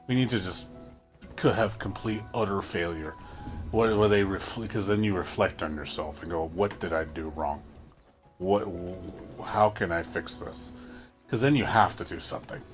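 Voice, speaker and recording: A low-pitched man talks through a frustrated, casual rant on his livestream. He keeps stumbling, repeating and restarting his words as he pushes his point. Soft music plays faintly behind him.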